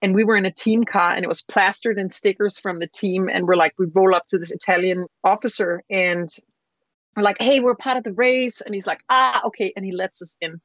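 A woman chef, a guest on an interview show, telling stories in a lively, rambling way with lots of fillers. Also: lowish voice, a little fast, no room sound. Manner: animated, rambling storyteller with many fillers. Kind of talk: casual interview storytelling. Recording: slightly dull lo-fi sound.

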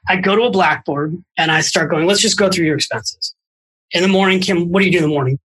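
Man, middle-aged, husky voice, animated storyteller, quick asides, podcast guest. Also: sits high, poor audio. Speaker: guest, financial author.

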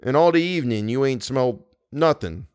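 A man voicing an uneasy backwoods Canadian guide with rough, folksy speech that sinks to a fearful hush. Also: mid-range voice, expressive, a little fast, no room sound, studio quality, voice pushed up, lightly acted.

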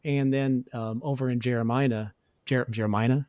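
A man's voice: medium pitch, steady tone, normal speed, dark tone, clean tone, no room sound. A middle-aged man speaking as a guest in a casual interview, telling his story in an earnest, reflective way. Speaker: podcast guest.

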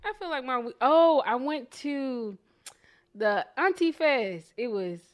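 A woman co-hosting a podcast, chatting casually in a loud, playful, storytelling way. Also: high voice, animated, slow. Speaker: podcast co-host. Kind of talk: casual chat.

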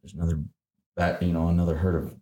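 A very deep-voiced man recalling a hunt in easy conversation. He jumps into his own quoted lines with energy, and the room around him gives his voice a noticeable echo. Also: level tone, quick pace, mellow. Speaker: hunting guide. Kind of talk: casual storytelling. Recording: roomy echo.

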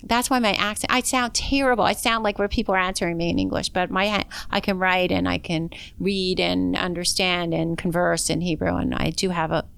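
Middle-aged woman doctor from Canada, frank and plain-spoken, smooth clear voice. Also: on the low side, steady tone, fairly quick, few pauses, a bit bright. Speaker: doctor, interview guest. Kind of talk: casual interview chat.

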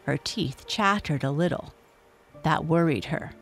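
Slow, calm bedtime storyteller. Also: mid-range voice, faint music behind. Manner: calm, measured reading.

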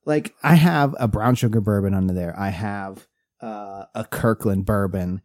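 Low-voiced rambling man, dry close sound. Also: unhurried, darkish tone, no room sound. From Pennsylvania. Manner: rambling, restarts often, laughs while telling stories. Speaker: podcast co-host. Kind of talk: casual chat.

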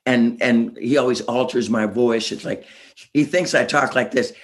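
A man's voice: medium pitch, normal speed, fairly bright tone. Rambling, chuckling man telling stories. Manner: rambling, chuckling, many restarts. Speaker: guest musician. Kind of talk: casual interview storytelling.

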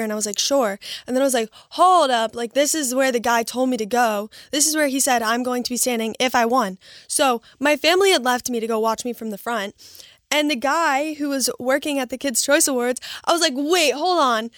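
A young woman telling a story in a chatty, excitable way, full of "like.". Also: a little high, no echo, clean studio sound. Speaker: award winner. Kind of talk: casual storytelling.

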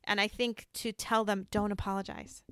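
A woman's voice: mid-range voice, level tone, normal speed, a bit bright, clear, resonant tone, no room sound, studio quality. A woman hosting a casual, heartfelt conversation, speaking earnestly and reassuringly about grief.

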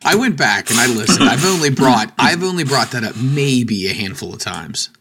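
A man's voice: mid-range voice, expressive, normal speed, noisy background. A man co-hosting a casual podcast chat, with teasing, easygoing talk. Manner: teasing, easily set laughing. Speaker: podcast co-host.

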